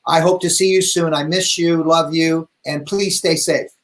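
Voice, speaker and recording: A man's voice: a little high, steady tone, normal speed, a bit bright. A man hosting a casual video interview, effusive and affectionate with his guest. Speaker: host.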